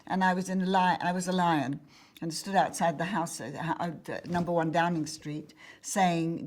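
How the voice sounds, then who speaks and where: A woman, a lively storyteller who acts out the dialogue she quotes in an interview. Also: lowish voice, normal speed. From England. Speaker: interviewee, former activist. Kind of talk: recollecting interview answers.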